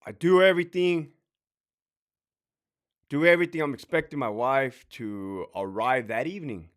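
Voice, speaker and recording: A man telling a personal story in a casual, emotional, halting way, repeating phrases and sighing. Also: mid-range voice, clear, resonant tone.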